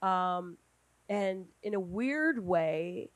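A middle-aged woman speaking on a panel at a brunch event, talking in a lively conversational way and acting out quoted dialogue. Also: extremely slow, dry recording. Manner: animated, acts out quoted dialogue with big pitch jumps.

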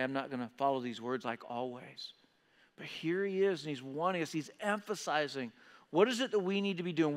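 Male pastor, high voice, lively sermon delivery, long church-hall reverb. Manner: animated preaching, acts out listeners' voices. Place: church auditorium.

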